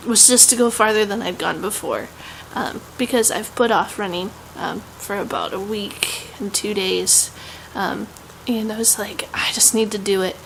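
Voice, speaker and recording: A woman's voice: mid-range voice, slight background noise, low-quality recording. A young woman with a Southern US accent, chatting casually in a home vlog, rambling with many "um"s and laughs. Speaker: vlogger.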